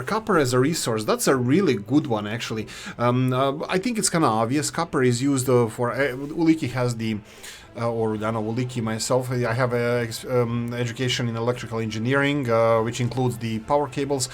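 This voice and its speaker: A man's voice: medium pitch, brisk. A man, hosting casual gameplay commentary in a rambling, opinionated way. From former Yugoslavia. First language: Serbo-Croatian. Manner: rambling, opinionated, self-correcting. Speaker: gaming channel host.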